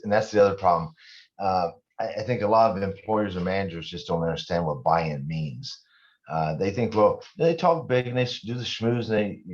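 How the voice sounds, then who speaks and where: A man's voice: deep voice, darkish tone, highs cut off. A man speaking as a guest in a casual interview, candid and rambling, often poking fun at himself. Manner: candid, rambling, self-deprecating. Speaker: guest business owner.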